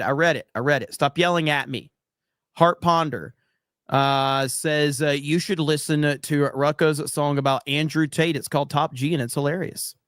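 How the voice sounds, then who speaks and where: A man's voice: on the high side, fairly bright tone, dry recording, studio quality. A man hosting a casual livestream, reading viewer comments aloud with jokes and frequent fillers. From USA. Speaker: livestream host reading chat.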